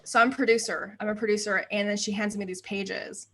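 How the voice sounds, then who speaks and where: A woman's voice: mid-range voice, brisk. A woman in her thirties from the United States, chatting as a podcast guest and acting out quotes as she tells stories. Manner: animated storyteller, acts out quotes. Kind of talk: casual interview chat.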